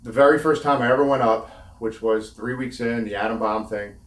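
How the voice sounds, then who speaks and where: A man's voice: medium pitch, fairly quick. A former pro wrestler telling candid, laughing stories from his career in a casual interview, swearing now and then. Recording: echoey room.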